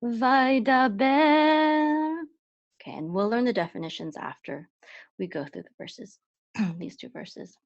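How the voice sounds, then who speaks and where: A woman's voice: on the low side, lively intonation, moderate pace, vocal fry, a little mellow, husky, dry recording. A woman teaching a Hebrew reading lesson step by step, patiently repeating each sound several times. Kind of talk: slow step-by-step language lesson. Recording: dull dry lo-fi recording.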